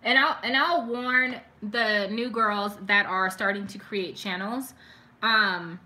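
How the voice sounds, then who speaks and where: Young woman vlogger chatting on a live stream, bright voice, says like a lot, gets emotional. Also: medium pitch, slow. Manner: chatty and emotional, heavy use of "like", reads viewer comments aloud. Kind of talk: casual chat with live viewers.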